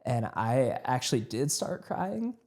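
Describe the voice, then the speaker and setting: A man with a mellow, relaxed tone co-hosts a movie review podcast. He speaks in a mid-range voice, thoughtful and a little hesitant, often pausing on "uh". The delivery stays casual and conversational. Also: mid-range voice. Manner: reflective, with hesitant fillers.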